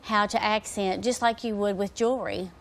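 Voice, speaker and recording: A woman's voice: mid-range voice, steady tone, normal speed. A woman hairstylist guest on a daytime TV show, explaining casually with lots of "you know" and "kinda", heard from worn old videotape. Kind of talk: TV guest demonstration.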